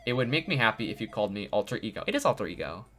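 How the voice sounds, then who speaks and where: A man voicing a calm artificial intelligence program with a polite, explanatory, robot-like manner while reading game dialogue aloud. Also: lowish voice, racing, exaggerated voice.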